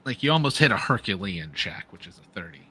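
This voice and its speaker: A man's voice: deep voice, fast talker, breathy edge. A man narrating and running a tabletop game as game master, calling rolls and laughing with players. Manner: animated, laughing narration with rules calls.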